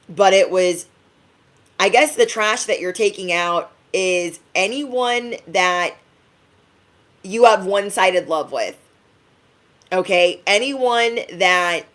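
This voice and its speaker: Young woman, tarot reader, talkative and playful, lots of laughs and quick impressions. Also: mid-range voice, fairly bright tone. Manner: chatty, laughing, slips into playful quoted voices. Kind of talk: intuitive reading to viewers.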